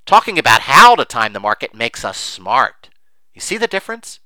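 Animated, bright-voiced middle-aged man. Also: medium pitch, normal speed, clear, resonant tone, dry recording. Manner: animated, emphatic, rambling with many fillers. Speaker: investing commentator. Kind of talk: unscripted monologue.

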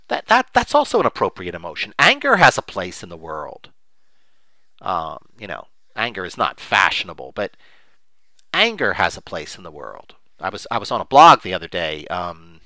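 A man talks through his argument in unscripted commentary, his pitch swinging widely as he acts out the views he mocks. His voice is bright and forward, and the recording is dry with no room sound. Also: no echo. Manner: animated, mocks opposing views in quoted voices, many fillers. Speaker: investing commentator.

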